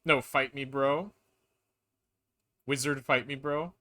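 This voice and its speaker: While streaming a game, a man chats casually, rambling with many restarts and filler words as game music plays behind him. His mid-range voice is slow and steady with a sharp tone.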